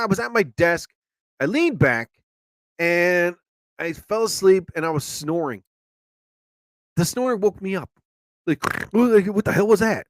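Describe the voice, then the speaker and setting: His voice is on the high side, with no echo. He's hosting a live show, wandering through everyday anecdotes in a rambling solo chat and animatedly performing the quoted lines.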